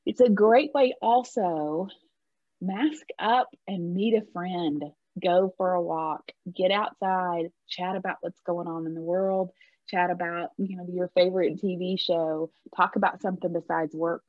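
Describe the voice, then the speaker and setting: A woman, an HR leader appearing as a podcast guest, talks in a low, steady, unhurried voice. Her casual conversation is reflective and rambling, with frequent restarts. The call audio is dull and lo-fi, with no room sound.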